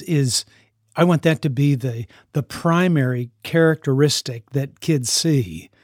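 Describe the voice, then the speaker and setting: A man's voice: medium pitch, darkish tone, dry recording, clean studio sound. A man who mentors teenagers gives an earnest parenting talk, often repeating and restarting his phrases. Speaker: youth mentor living with teens.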